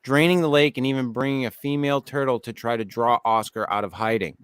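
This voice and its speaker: A man's voice: mid-range voice, fast, smooth, no echo. A man hosting a casual podcast, reading out stories and chatting with lots of swearing. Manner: swearing, storytelling, reads segments aloud. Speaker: podcast host.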